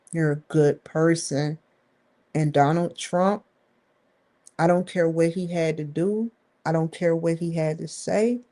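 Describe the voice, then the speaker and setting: A woman vlogger with a deep, creaky, mellow voice rambles candidly to the camera. She swears freely and leans hard on stressed words.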